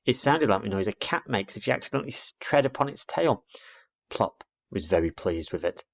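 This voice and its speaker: A man narrating a children's storybook aloud in an expressive read-aloud manner, dull lo-fi recording. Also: on the low side, brisk, gravelly.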